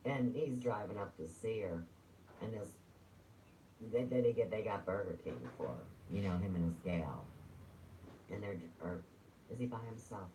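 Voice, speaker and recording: A man's voice: on the low side, lively intonation, normal speed, pauses often, mellow, slight background noise, poor audio. A man ranting on a livestream, rambling, sarcastic and full of swearing.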